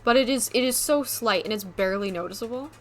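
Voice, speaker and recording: A woman streamer with a slight New England accent, chatting casually with her chat, rambling with lots of "like" and quick laughs. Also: a little high, a little hiss or hum.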